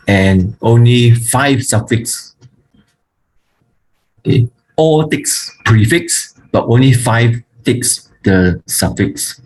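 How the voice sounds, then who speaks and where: A man teaching a grammar lesson, speaking haltingly with frequent fillers and restarts, and slowly reciting word forms one by one. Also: medium pitch, darkish tone, rough recording. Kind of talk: online Hebrew grammar lesson.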